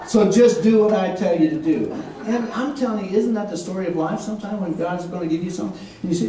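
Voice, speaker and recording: A man preaching a sermon as an animated storyteller, acting out voices and laughing often. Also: high-pitched, fairly quick. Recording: echoey room from far off with faint noise.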